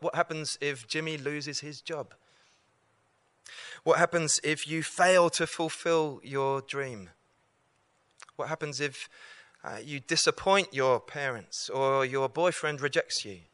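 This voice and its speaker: A man's voice: medium pitch, pushed and bright, no room sound. A man giving an evangelistic talk to students, earnest and repeating key lines for emphasis. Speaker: campus preacher.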